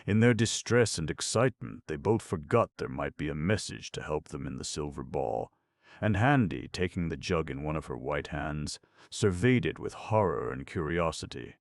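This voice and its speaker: A man narrating an audiobook with steady storytelling. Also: a bass voice, moderate pace, creaky, dry recording, studio quality. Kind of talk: scripted narration.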